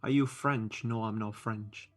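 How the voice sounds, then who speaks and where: A man's voice: lowish voice, steady tone, a little slow, faint music behind. A man hosting a live stream, reading chat aloud and chatting casually; English is not his first language, and he talks with many fillers and restarts. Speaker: livestream host reading chat.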